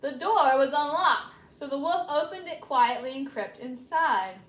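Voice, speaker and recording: A woman reading a children's story aloud with lively, chatty asides. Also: high-pitched, unhurried, roomy sound. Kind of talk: animated read-aloud storytelling.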